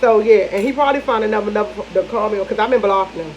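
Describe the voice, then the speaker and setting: A woman in a casual storytime vlog, talking to her viewers in an animated, gossipy way, repeating lines for emphasis. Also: medium pitch, fast. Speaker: vlogger. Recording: dull lo-fi audio with faint noise.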